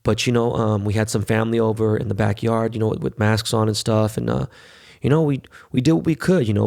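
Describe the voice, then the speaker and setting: Gravelly man, loose and profane. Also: fairly low pitch, darkish tone. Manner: loose, profane, talkative storytelling. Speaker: podcast host. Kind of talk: casual monologue.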